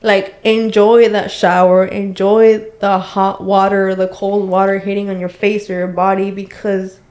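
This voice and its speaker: A woman who is a guest on a casual podcast, speaking in a soft, reflective and emotional way. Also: mid-range voice, level tone, unhurried. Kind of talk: heartfelt casual chat.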